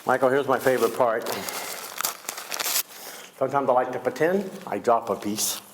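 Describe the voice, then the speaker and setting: A man's voice: mid-range voice, normal speed, noisy background. A man performing comedic magic on a school stage, teasing his young volunteers with wisecracks. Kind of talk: comedic magic show patter.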